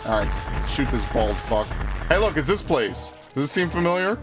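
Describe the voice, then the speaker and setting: A man's voice: a little high, moderate pace. Swearing, ranting young man streamer. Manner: rambling, swears a lot, excitable rants. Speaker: game streamer. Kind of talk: casual let's-play commentary. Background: game music.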